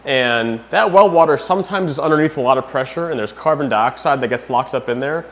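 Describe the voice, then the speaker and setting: Young guy filming a home vlog, chatty and jokey, avg pitch, camera mic drifting closer and farther. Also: a little fast. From New Hampshire, USA. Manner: chatty, jokey, talks to camera while working. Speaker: fish-keeping vlogger. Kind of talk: casual vlog chat. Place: home basement and rooms.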